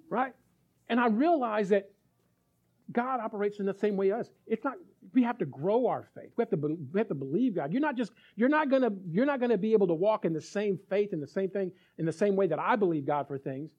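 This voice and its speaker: A man with a high voice preaching a lively sermon, acting out quick scenes in other voices and checking in with his listeners. The recording sounds dull and lo-fi. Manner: animated, acts out little dialogues, asks the crowd. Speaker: pastor.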